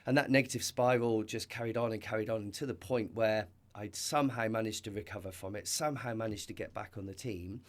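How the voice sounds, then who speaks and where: Earnest, reflective man with a lowish voice. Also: brisk, hardly any pauses. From Britain. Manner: earnest and reflective, with many restarts and "you know". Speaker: podcast guest. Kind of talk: storytelling in a conversational interview.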